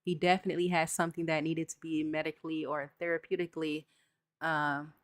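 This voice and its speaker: A woman with a slightly low voice hosts a live chat, reading out viewer comments and answering them candidly. She talks straight to her audience in a casual, personal way. The sound is close and dry, with no room echo. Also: level tone, fairly quick. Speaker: channel host.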